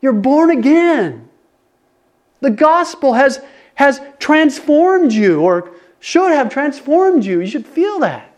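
An older man preaching to his congregation in a conversational, animated way, often restarting his sentences and getting excited. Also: very high-pitched, slow. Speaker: pastor. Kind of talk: conversational sermon.

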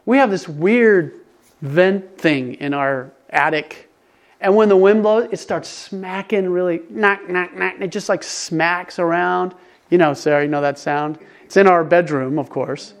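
An older man preaching to his congregation in a conversational, animated way, often restarting his sentences and getting excited. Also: high voice, unhurried. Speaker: pastor. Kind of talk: conversational sermon.

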